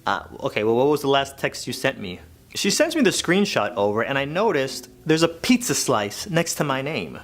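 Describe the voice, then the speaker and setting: A man's voice: medium pitch, normal speed, soft background music. A man telling a comedic story as a YouTuber, acting out the voices of the people he quotes. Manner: animated, acts out quoted voices.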